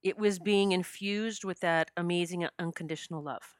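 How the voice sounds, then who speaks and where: Woman podcaster, smooth voice, lowish pitch, dry close sound, heartfelt storytelling. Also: steady tone, moderate pace, no echo. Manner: emotional, gets choked up. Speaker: podcast host. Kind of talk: personal storytelling.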